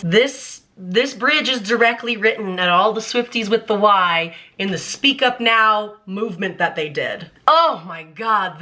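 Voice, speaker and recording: Bright, animated young woman vlogger. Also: a little high. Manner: animated and emphatic, with frequent "like" fillers. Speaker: vlogger analyzing song lyrics. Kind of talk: casual commentary.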